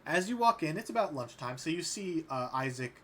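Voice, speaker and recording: A man's voice: fairly high pitch, animated, a little fast, a bit bright. Casual man narrating as game master. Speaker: dungeon master.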